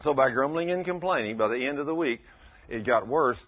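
A man preaches in a folksy storytelling manner, often turning to the congregation with questions. His voice is a bit husky and sits at an ordinary middle pitch. The recording sounds dull and lo-fi. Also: expressive, brisk. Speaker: pastor. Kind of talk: sermon.

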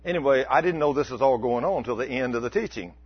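A man, preaching a folksy, animated sermon. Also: medium pitch, fast talker, breathy edge. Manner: folksy, animated, acts out mock complaints. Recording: dull lo-fi recording.

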